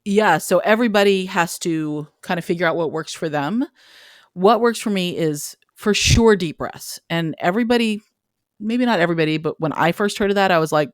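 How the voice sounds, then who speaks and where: A woman's voice: fairly low pitch, expressive, normal speed, no echo, studio quality. A woman in her forties, a parenting author, explaining candidly in a podcast interview with self-deprecating humor.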